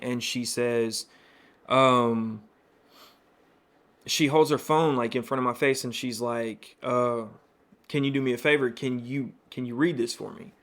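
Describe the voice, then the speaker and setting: A man in early adulthood recounts his own experience as host of a personal podcast. He talks in a loose, candid way, full of fillers and asides. His voice sits at a middling pitch. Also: a bit bright. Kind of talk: personal storytelling monologue.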